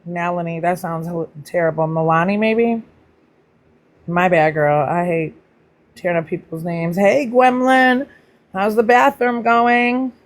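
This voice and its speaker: A chatty woman hosts a casual livestream and talks straight to her viewers. She greets people by name in a voice that leaps up high, then drops back down to relaxed, playful teasing. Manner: pitch jumps up high when greeting people. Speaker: livestream host.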